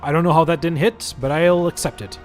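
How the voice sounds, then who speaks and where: A man's voice: a little high, fairly even intonation, brisk, soft background music. A man streaming a video game, chatting casually, swearing and yelping as he fights a boss. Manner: chatty, swears, yelps at hits. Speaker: gaming streamer. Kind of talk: live gameplay commentary.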